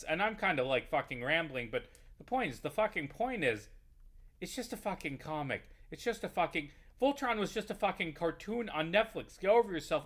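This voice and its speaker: A man's voice: fairly high pitch, animated, moderate pace, a bit bright. A man giving a heated, profane, rambling rant over his gameplay. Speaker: YouTuber playing a game. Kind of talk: ranting gameplay commentary.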